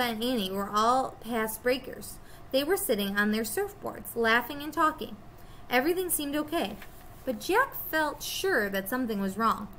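A woman teacher reading a children's chapter book aloud to her students, expressive and storytelling. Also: fairly high pitch, a little hiss or hum.

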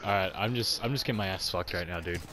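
A young British man in casual, crude gaming banter with friends, teasing and bursting into loud shouts. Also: low-pitched, fast. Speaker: gamer. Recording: noisy gameplay chat recording.

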